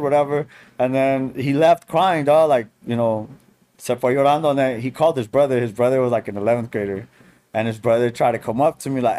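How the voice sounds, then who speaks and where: Young podcast guy, kinda high voice, rambling street-slang stories. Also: fast talker, darkish tone. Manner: slangy storytelling with lots of fillers. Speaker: podcast co-host. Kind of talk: casual chat.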